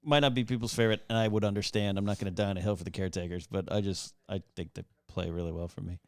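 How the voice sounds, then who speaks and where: A man's voice: sits low, steady tone, very fast, a little mellow, dry recording. A man in his thirties giving casual, joking live commentary on a movie, rambling with restarts. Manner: chatty, jokey, rambling with restarts. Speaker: guest commentator.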